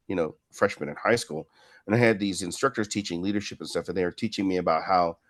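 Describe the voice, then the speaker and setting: A man in his fifties, a martial arts instructor telling long, rambling stories in an interview and often adding "right?" to what he says. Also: fairly low pitch. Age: 50s. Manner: rambling, with frequent "right?" tag questions. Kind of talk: casual storytelling in an interview.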